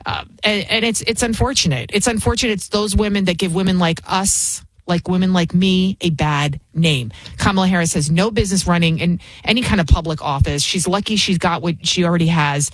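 A woman's voice: fairly low pitch, fairly quick, few pauses, no room sound. A woman talk show host delivering political commentary in a combative, sarcastic manner. She leans hard on emphatic phrases. The recording is dry and close, with no room sound.

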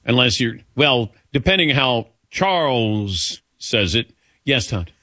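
Lively sports radio host, man. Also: mid-range voice, takes it slowly, no room sound, studio quality. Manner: lively, takes callers, laughs easily. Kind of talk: casual sports talk radio. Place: radio studio.

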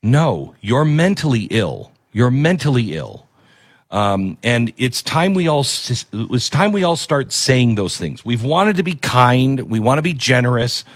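A man's voice: medium pitch, expressive, measured pace, few pauses, no room sound. Male radio host, mid range, conversational and rambling, stops and restarts himself. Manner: rambling, conversational, self-interrupting. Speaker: radio talk show host. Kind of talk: political talk radio monologue with ad read.

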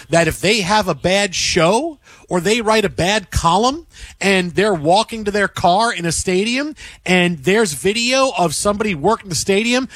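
A man's voice: high-pitched, a bit bright, no echo. A man hosting a sports talk radio show, ranting emphatically and repeating himself for effect.

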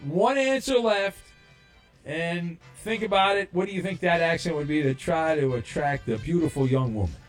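Rambling high-voiced male radio host. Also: normal speed, soft background music. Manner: rambling, stumbles over fillers. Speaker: radio host running a call-in game show. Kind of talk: loose, joking radio talk.

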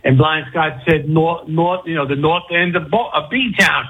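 A man's voice: on the high side, a little slow, breathy edge. A man calling in to a radio show, telling a rambling story with enthusiasm. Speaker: radio caller. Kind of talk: phone-in storytelling. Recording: tinny phone line.

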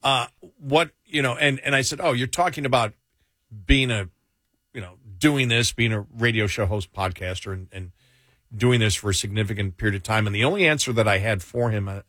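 A man's voice: on the low side, a little fast, no room sound. A man who hosts a radio show and podcast, chatting casually and telling stories with frequent laughs. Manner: laughing, animated storytelling. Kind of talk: casual chat.

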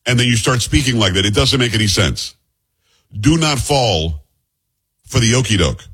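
Blunt, sarcastic New York host. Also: male voice, mid-range voice, expressive, moderate pace, a bit bright, husky. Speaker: host commentator. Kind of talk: political commentary.

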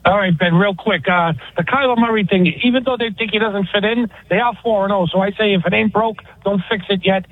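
A man calling in to a sports radio show with quick, opinionated takes, heard over a phone line. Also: sits high. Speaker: caller. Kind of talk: call-in sports talk.

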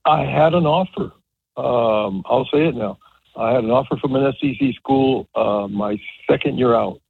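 A man in his seventies, a retired baseball coach, telling stories on a radio show in a rambling, animated way with many restarts. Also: mid-range voice, normal speed, gravelly, breathy edge, no echo. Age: 70s. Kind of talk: casual radio interview. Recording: tinny phone line.

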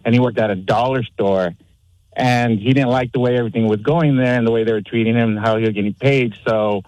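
A man's voice: medium pitch, steady tone, quick pace, darkish tone, dry recording, rough recording. Male caller, casual and plainspoken, dry recording. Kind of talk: telling a story on a radio call-in.

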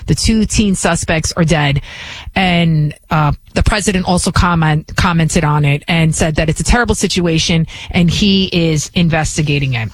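A woman host giving opinionated political commentary, firing rhetorical questions with frequent restarts. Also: on the low side.

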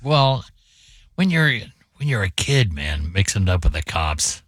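A man's voice: deep voice, big pitch swings, unhurried, fairly bright tone, breathy edge, no echo, clean studio sound. A male radio host bringing on callers and chatting with them in a friendly way. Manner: friendly, takes calls. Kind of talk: call-in radio talk.

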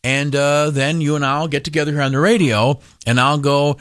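A man's voice: medium pitch, brisk, few pauses. A man hosting a morning radio show, talking casually and rambling with many fillers and self-deprecating asides. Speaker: radio host.

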